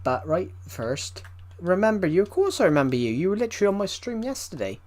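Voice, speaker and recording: A male livestreamer with a slightly raised pitch chats casually while he plays. He greets viewers and answers their questions aloud. He rambles and repeats himself as he goes. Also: huge pitch swings, a little fast, darkish tone. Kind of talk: live game stream, reading chat aloud.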